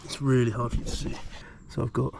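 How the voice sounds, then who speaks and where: A man's voice: medium pitch, level tone, fast, creaky, slight background noise. A man from the UK, chatting casually to camera as a solo wild camping vlogger and explaining his gear step by step, recorded outdoors in a woodland. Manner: hushed, half-whispering. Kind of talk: casual vlog talk to camera.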